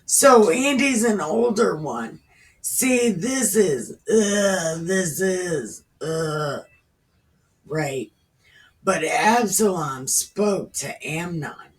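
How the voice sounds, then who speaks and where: Slow, irreverent woman reading scripture. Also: low-pitched. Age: 30s. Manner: irreverent, profane, slangy paraphrase. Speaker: reader. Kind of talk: casual scripture reading with commentary. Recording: distant from the mic.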